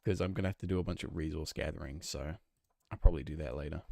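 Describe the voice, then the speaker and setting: A young man with a northwest English accent near Manchester, talking casually to his live-stream chat while he plays. His voice sits very low, and the sound is dry and close. He rambles, restarts sentences and reads chat messages aloud. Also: fast talker, vocal fry, a little mellow, no echo. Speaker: game streamer.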